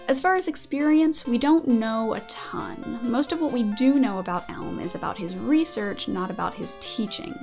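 A woman's voice: fairly high pitch, expressive, moderate pace, hardly any pauses, music in the background. A woman hosting her own video, a writing teacher giving scripted, casual commentary with playful joking asides. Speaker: video essayist and host.

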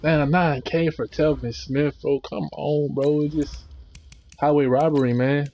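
A young man giving casual, slangy commentary while opening packs in a video game, relaxed but breaking into excited outbursts. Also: on the high side, a little slow. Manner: laid-back slangy chatter, sudden excited outbursts. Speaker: gaming channel host.

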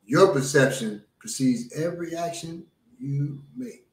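A male co-instructor in casual panel banter, joking and quick to laugh. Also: on the high side, animated. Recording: echoey room.

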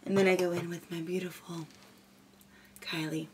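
A woman's voice: fairly low pitch, level tone, normal speed, a little mellow, slight background noise. A young woman chatting casually and goofily while doing a makeup tutorial. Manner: goofy, chatty and rambling. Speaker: beauty vlogger.

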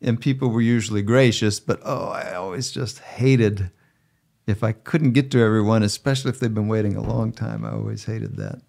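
Measured, gentle-spoken man. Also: on the low side, fairly even intonation, vocal fry. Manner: measured, gentle, with frequent filler uh. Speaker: bishop and podcast host. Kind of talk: conversational podcast chat.

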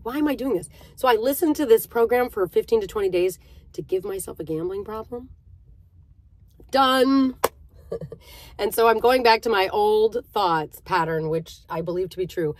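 A woman's voice: medium pitch, normal speed. A woman vlogger telling a personal story in a casual, chatty way, often speaking straight to her viewers. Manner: chatty, conversational, with fillers and direct address.

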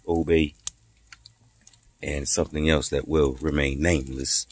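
A man's voice: extremely low pitch, slight background noise. A man talking casually while he cooks at a grill, teasing and joking in laid-back slang. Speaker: vlogger cooking at a grill.

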